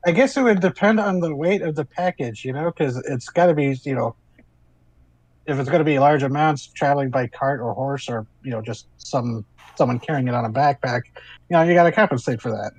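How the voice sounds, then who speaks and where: Male tabletop player, mid-pitched, dry close sound, rambles as he thinks aloud. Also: brisk, dry recording, poor audio. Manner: musing, rambling with fillers like "you know". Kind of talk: casual game-table chat.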